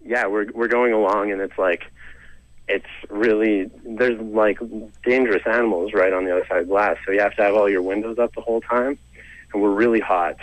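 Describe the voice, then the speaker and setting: A young comedian tells a story from his teens with self-mocking humor and quick chuckles. His voice sits low, and the studio sound is dry and close. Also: fairly even intonation, no echo, rough recording. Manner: chatty, self-mocking, laughs between lines. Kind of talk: casual storytelling interview.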